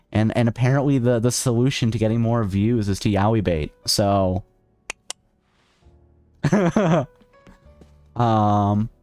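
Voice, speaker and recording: A VTuber streamer with a mellow, medium-pitched voice plays a video game on a dry recording. In casual let's-play commentary, he jokes and rants sarcastically while reading the on-screen text aloud.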